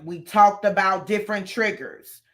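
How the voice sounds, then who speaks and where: A woman hosting a casual live chat from home, talking easily with frequent ums and pauses. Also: medium pitch, a bit bright.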